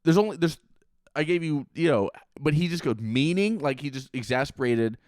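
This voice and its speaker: Man, podcast co-host, sarcastic, animated, swearing, dry close mic. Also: a little high, fairly quick, dry recording. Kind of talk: casual chat recapping a movie.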